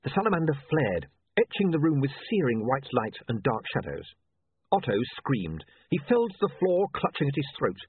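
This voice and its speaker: A man narrating a story in a dry, measured way. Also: on the high side, sing-song, husky, dry recording. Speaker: audiobook narrator. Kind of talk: scripted narration. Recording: tinny phone-like, dry.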